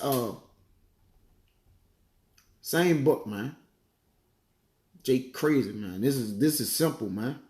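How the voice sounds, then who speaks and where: Man, casual bible teacher, slightly high voice, echoey room. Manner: conversational, peppers lines with "man" and "all right"; reads verses slowly, searches aloud for passages. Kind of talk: casual sermon with scripture reading.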